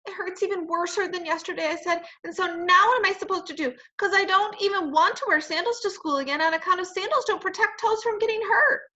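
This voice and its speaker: A woman reading a storybook aloud to children in a friendly, lively way. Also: very high voice, a little fast, few pauses, muffled recording. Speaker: storybook reader.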